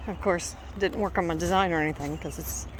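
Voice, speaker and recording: Woman, casual dog-walk vlogger, slightly winded, lowish voice, noisy outdoor recording. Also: fairly quick. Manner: chatty, calls commands to her dog. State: out of breath. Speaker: vlogger walking her dog. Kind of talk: casual walking vlog. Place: outdoors in a small town.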